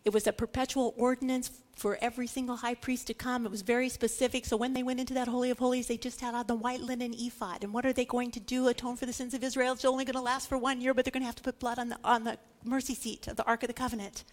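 A woman giving an animated scripture teaching, stressing points through repetition and dramatizing the quoted lines. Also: on the high side, fast, hardly any pauses. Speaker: Bible teacher.

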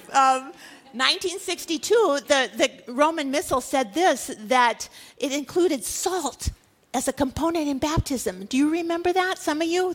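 A woman in her fifties preaching a sermon, animated, moving between loud exhortation and low hushed asides. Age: 50s.

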